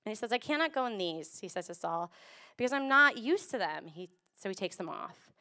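A woman pastor giving a casual, animated sermon and acting out voices, streamed over a video call. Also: medium pitch, brisk.

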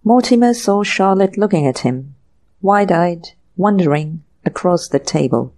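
Female narrator for a classic mystery audiobook; unhurried, warm, dark-toned read. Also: fairly low pitch, animated. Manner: unhurried, acting out each character's lines. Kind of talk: scripted narration.

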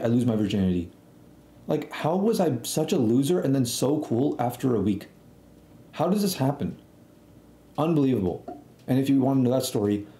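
A man's voice: medium pitch, dark tone. A young man telling a rambling story in a casual, slangy way, swearing freely. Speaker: storytelling streamer. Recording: echoey room.

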